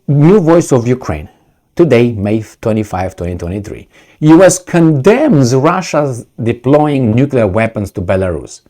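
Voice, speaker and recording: A man's voice: on the low side, mellow. A man giving solo video commentary, sarcastic and mocking, firing off rhetorical questions. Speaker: political commentator.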